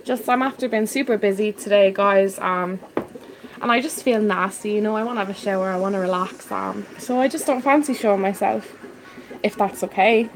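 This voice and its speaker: A woman from Ireland with a Dublin accent, chatting casually on a live stream and answering viewer comments with excited warmth. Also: mid-range voice, moderate pace, slight background noise, poor audio. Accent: Dublin Irish. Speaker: fish-keeping live streamer.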